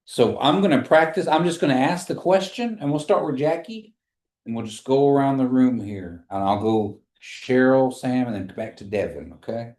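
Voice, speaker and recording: A man teaching a classroom language lesson, patiently repeating phrases slowly for his students. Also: mid-range voice, lively intonation, darkish tone. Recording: echoey room.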